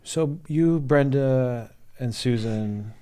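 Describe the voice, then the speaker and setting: A man's voice: mid-range voice, takes it slowly, mellow, smooth. A man hosting an interview, thinking aloud and asking follow-up questions. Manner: thoughtful, searching for words, asks follow-up questions. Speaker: podcast host. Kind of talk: conversational interview.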